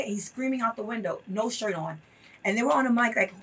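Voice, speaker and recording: Husky-voiced woman telling a story earnestly. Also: fairly high pitch, lively intonation, fast talker, fairly bright tone. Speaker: guest. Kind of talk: interview conversation. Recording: voice from a distance off the mic.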